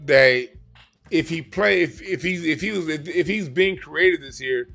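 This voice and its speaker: In a casual explainer monologue, a man reads playing cards for a yearly forecast at a measured pace. His fairly high voice has vocal fry and a bit of brightness, and he is emphatic and slangy, frequently repeating and restarting. Soft background music plays.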